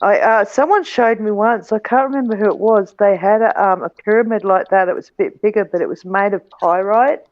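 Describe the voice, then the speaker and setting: A woman's voice: mid-range voice, fairly quick, hardly any pauses. A woman chatting as a guest on an online call, hesitant and full of fillers. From Australia. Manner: soft-spoken, hesitant, many fillers. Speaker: panel guest. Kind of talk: casual online call chat. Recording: dull lo-fi online call audio.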